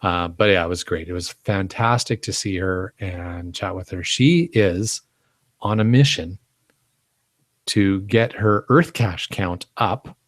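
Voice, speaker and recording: Low-voiced chatty podcast man. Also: no room sound. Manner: chatty, enthusiastic storyteller. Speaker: podcast co-host. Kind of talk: casual podcast chat.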